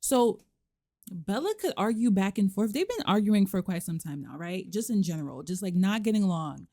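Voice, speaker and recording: Mellow-voiced woman narrating her life-sim game. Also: mid-range voice, moderate pace, dry recording, clean studio sound. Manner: animated, voices characters' lines with sass. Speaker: let's play host. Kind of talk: casual let's play commentary.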